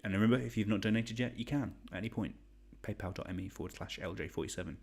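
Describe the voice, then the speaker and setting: Chatty quiz host, lowish voice. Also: male voice, fast talker, creaky, slightly rough. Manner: chatty, rambling, joking. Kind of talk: live online quiz hosting.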